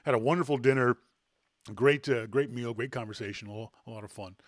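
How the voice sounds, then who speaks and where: A man hosting a podcast, telling a self-deprecating anecdote in a casual, animated way. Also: mid-range voice, fairly quick, dry recording, studio quality. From Canada. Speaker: podcast host. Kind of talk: casual storytelling.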